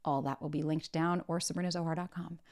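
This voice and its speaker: A podcast host and dating coach speaks straight to camera in a low, steady, darkish voice, talking fast. Her advice is blunt and emphatic, and she swears often.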